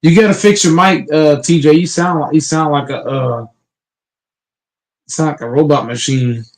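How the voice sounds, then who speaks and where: A man's voice: on the high side, normal speed, low-quality recording. A man hosting a casual online sports panel, talking emphatically and profanely, often repeating words as he restarts.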